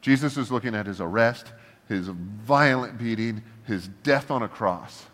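A man preaching a casual, humorous sermon as a pastor, acting out blunt prayers to God in a lively voice. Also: on the low side, unhurried. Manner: animated, humorous, acts out prayers to God in a shifting voice. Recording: long reverb of a large hall.

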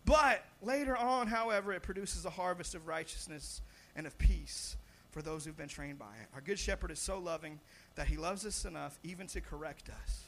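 Young man, pastor, preaching, animated, restarts and repeats, fairly high voice, light background noise. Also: fairly quick, creaky, few pauses. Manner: animated, swells loud on emphasis; frequent repeated words and restarts. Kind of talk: sermon.

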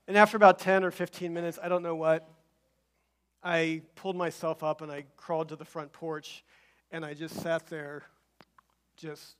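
A middle-aged man preaching a sermon as pastor, telling a personal story with halting restarts and building to emphatic repeated phrases. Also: a little high, fairly bright tone.

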